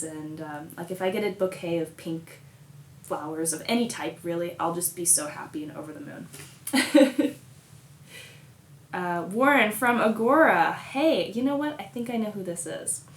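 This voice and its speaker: Young woman from Colorado, bubbly and giggly, low-pitched for her age, roomy echo with faint background hum. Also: animated, normal speed. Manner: bubbly, giggly, lots of fillers. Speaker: musician answering fan questions. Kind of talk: casual chat. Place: hotel room.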